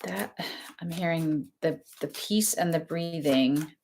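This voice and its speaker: Woman, young adult, lowish voice, casual rambling card reader, chatty with frequent laughs. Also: slow, darkish tone, a little hiss or hum. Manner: chatty, rambling, laughs often between thoughts. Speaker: tarot reader. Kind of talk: casual spoken oracle card reading.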